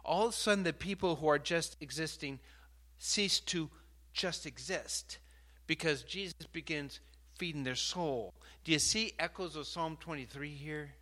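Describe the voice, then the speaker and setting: A man preaching a sermon, animated and building to emphatic outbursts, stopping now and then to sort out his slides. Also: fairly high pitch. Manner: pauses mid-talk to sort out slides.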